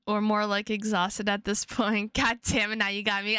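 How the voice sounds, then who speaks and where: A woman's voice: mid-range voice, little pitch movement, moderate pace, a bit bright, smooth, no echo, studio quality. A young adult woman streamer chatting casually with her viewers, rambling and playful, often repeating her words.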